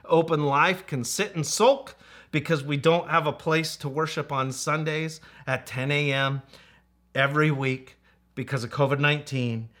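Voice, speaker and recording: Bright-voiced earnest male pastor. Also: a little high, fairly even intonation, unhurried. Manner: earnest, repetitive preaching with playful asides to kids. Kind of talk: sermon.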